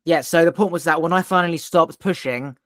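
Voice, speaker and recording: A man's voice: fairly high pitch, a little fast, fairly bright tone, no echo, studio quality. A man hosting a podcast, telling a personal story in an intense, emphatic way and swearing now and then. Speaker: podcast host. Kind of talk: casual conversation.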